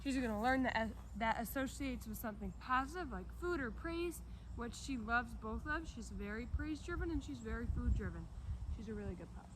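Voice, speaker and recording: A young woman with a fairly high voice coaches a dog outdoors, explaining each step of a recall drill. She breaks into loud, high-pitched praise whenever she calls the dog. Faint barking from other dogs carries in the background. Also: animated, brisk, noisy background. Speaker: dog trainer. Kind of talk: training demonstration with explanation.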